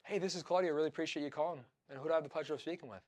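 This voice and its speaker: A man acting out a friendly woman who answers a business call and greets the caller warmly. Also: fairly high pitch, rapid-fire, natural voice. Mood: welcoming.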